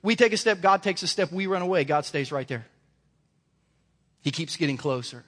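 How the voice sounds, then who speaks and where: High-pitched animated male preacher. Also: moderate pace. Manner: animated, storytelling, emphatic. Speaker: pastor. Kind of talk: sermon. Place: church sanctuary. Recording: reverberant church hall.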